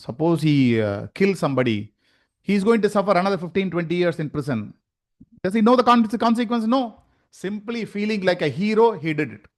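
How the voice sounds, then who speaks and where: A middle-aged man with a Tamil-influenced Indian English accent, teaching a yoga class and explaining through questions and stories. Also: high-pitched. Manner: explains with rhetorical questions and anecdotes. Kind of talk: lecture to a class.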